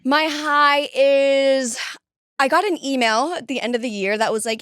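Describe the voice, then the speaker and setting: A young woman co-hosts a casual podcast, throwing in fast reactions and dry jokes. Her voice sits a little high. The studio sound is dry and close. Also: fairly even intonation, fairly bright tone, clean tone, no room sound. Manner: quick reactive interjections, dry joking. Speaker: podcast co-host.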